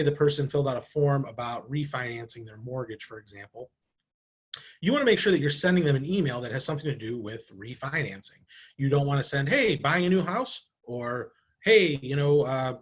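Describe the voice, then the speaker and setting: This marketing director addresses the camera with a medium-pitched voice that has a breathy edge. It's a talking-head marketing video, delivered conversationally, full of rhetorical questions and little acted-out examples.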